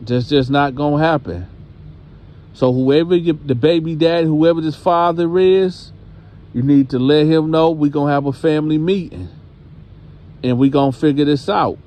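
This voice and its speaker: A man's voice: a little high, normal speed, dark tone, voice pushed up, natural voice. A man voicing a stern, churchgoing grandmother who scolds and presses with questions.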